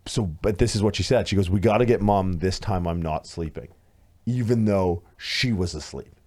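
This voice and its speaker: A man in his thirties co-hosting a podcast, telling a story in casual chat, animated and swearing, acting out what others said. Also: deep voice, normal speed. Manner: animated, swearing, acts out quoted voices loudly. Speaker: podcast co-host.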